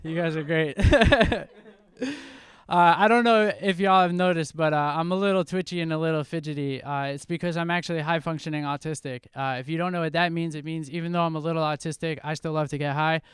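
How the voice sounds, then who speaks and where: A man's voice: fairly high pitch, a little fast, clear, resonant tone, no echo. A man from New Jersey doing a self-deprecating stand-up set on a club stage into a handheld mic. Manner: self-deprecating, relaxed deadpan delivery. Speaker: stand-up comedian.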